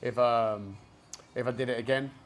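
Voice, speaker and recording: A man's voice: medium pitch, steady tone, normal speed. A man with a Cockney accent from East London, a gym owner telling his story in a casual podcast interview, chatty and rambling. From East London, England. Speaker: gym owner and jiu-jitsu black belt guest. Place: basement martial arts gym.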